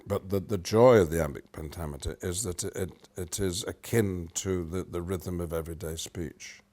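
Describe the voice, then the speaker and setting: Speaking at a moderate pace in a low-pitched voice, an older man from Britain, an actor, explains himself during an interview. His delivery shifts animatedly from loud to soft, punctuated by hummed rhythms.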